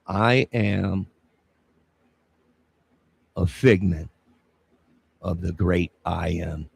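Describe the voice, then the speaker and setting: A man ranting on a live stream, preachy and confrontational, with a gravelly, husky voice. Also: deep voice, very slow, no echo. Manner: indignant, preachy, confrontational, keeps saying 'sir'. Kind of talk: rambling live-stream monologue.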